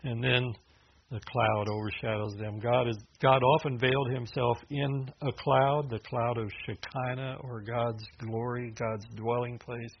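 A man preaching a sermon in a loose, conversational way, with restarts and filler words as he explains scripture. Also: creaky. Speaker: pastor. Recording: dull low-fidelity sound with faint hiss.

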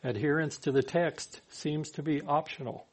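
A man's voice: on the high side, fairly even intonation, moderate pace, slightly rough. A man preaching a sermon in a conversational way, sometimes acting out the people he quotes. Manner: conversational, acts out quoted speakers.

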